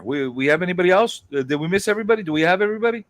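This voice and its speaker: A man hosting a casual livestream chat, greeting viewers in a quick, excitable, profane way. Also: high voice, no room sound. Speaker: host.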